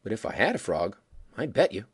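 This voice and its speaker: A man reading the part of a sly stranger in a mining camp, speaking slowly and deliberately, with a dry manner and a husky voice. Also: on the low side, very animated, exaggerated voice.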